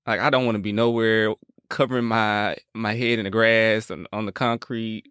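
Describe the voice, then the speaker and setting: A man's voice: on the low side, little pitch movement, normal speed, fairly bright tone, clean tone, no echo, clean studio sound. Laid-back, joking man podcaster. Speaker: podcast co-host. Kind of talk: casual podcast chat.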